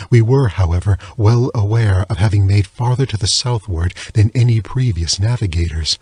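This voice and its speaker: Husky-voiced man reading a somber tale. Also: darkish tone, no echo. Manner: measured, low, somber reading. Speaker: audiobook reader. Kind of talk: scripted narration of a classic tale.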